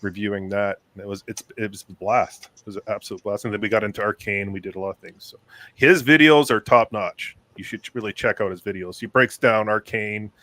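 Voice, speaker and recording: A man's voice: lowish voice, steady tone, fairly quick, bright, forceful tone. A man chatting casually as a panel guest, easygoing and rambling. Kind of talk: casual livestream panel chat.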